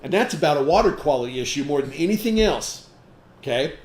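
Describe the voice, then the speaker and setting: A man's voice: on the high side, expressive, brisk, roomy sound. A man giving a training talk to a group, emphatic and full of rhetorical questions, checking in with "okay?" again and again. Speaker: sales trainer.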